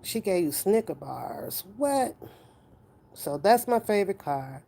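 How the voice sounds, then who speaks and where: A woman's voice: on the low side, lively intonation, moderate pace, vocal fry, mellow. A woman hosting a live stream, chatting playfully and loosely with her viewers as she answers their questions.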